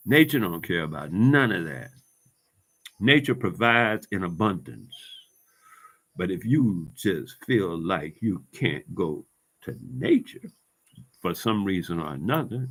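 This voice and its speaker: A man in a fired-up vlog rant, cursing freely and hammering the same points again and again. His voice sits on the lower side, and he talks in loose, casual street slang. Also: lively intonation, measured pace, a bit bright. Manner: heated, profane, repetitive street talk. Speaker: vlogger. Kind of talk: ranting monologue to camera.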